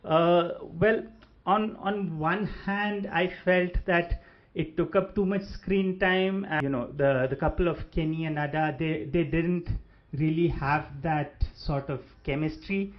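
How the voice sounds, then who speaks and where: Guy chatting through a movie review, voice a bit high, kinda muffled lo-fi audio. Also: steady tone, unhurried. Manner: hesitant, many fillers and restarts. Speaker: film reviewer. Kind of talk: casual spoken movie review.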